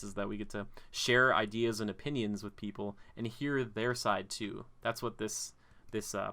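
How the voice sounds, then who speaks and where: Lower, bright-voiced male podcast host. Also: gravelly. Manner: rambling, filler-heavy talk. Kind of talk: casual podcast chat.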